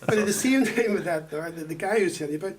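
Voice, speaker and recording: Irish man, rapid animated storyteller, slightly high voice, set back from the mic. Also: recorded from a distance, background noise. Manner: animated, swearing, laughing storyteller. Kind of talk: casual storytelling chat.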